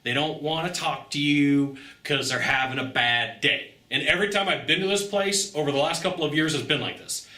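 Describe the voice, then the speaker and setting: A man, a sales trainer, telling a story in a casual vlog monologue, animated and emphatic, tagging his points with quick asides. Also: on the high side. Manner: conversational, tags points with "okay?" and "right?". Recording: roomy echo.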